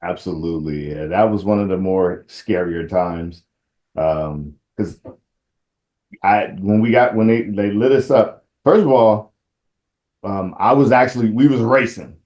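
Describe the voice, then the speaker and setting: A man who is a police sergeant and grew up in Compton, talking casually in an interview, relaxed and reflective, getting animated as he tells a story. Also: fairly low pitch, measured pace, echoey room. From Compton, California. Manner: relaxed storyteller, grows animated and laughing when telling the story.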